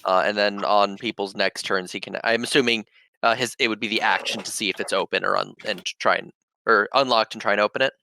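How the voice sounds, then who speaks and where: A man's voice: on the low side, fairly even intonation, quick pace, creaky, bright, forceful tone, slight background noise. A man playing a tabletop game, thinking aloud through his character's movement with fillers. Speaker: player. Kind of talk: describing his character's moves.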